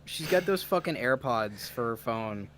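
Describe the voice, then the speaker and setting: A man's voice: medium pitch, expressive, normal speed, a bit bright. A man in casual podcast chat, telling stories in a laid-back, profane way. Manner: profane, laid-back storytelling with frequent swearing.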